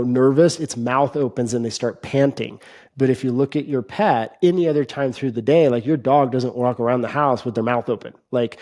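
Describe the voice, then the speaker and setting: A man being interviewed, calmly explaining a breathing technique step by step, with frequent fillers and small restarts. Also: medium pitch. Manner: steady instructive talk with frequent fillers and restarts. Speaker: interview guest, mentor.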